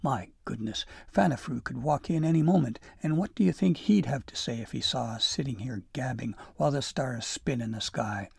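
A man's voice: medium pitch, normal speed, vocal fry, hardly any pauses, a little mellow, breathy edge, no room sound, clean studio sound, full character voice. A man voicing a jolly, proud old male elf inventor who talks in hearty exclamations. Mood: fussing.

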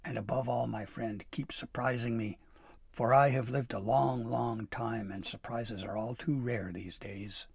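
A man's voice: medium pitch, steady tone, measured pace, gravelly, husky, dry recording. A man voicing a jolly, fond old Santa Claus with hearty, hooting outbursts. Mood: warm.

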